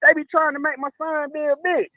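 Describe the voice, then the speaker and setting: This is a man calling into a talk show with a very high voice and a fast pace. He tells his story bluntly and swears often. The audio is dull and dry, with no room sound. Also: flat delivery, dry recording. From Atlanta, USA. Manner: profane, emphatic, blunt. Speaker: caller. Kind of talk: call-in storytelling.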